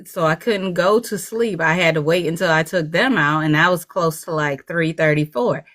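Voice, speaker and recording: Low-voiced tired young woman rambling. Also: normal speed, fairly bright tone. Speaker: co-host. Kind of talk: casual livestream chat. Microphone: video call.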